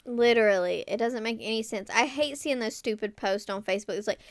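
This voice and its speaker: A woman's voice: on the high side, a little fast, few pauses, no room sound, studio quality. A woman co-hosting a podcast in casual chat, chatty and loose, peppering her talk with "like" and "literally.". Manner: chatty, says "like" and "literally" often. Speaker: podcast co-host.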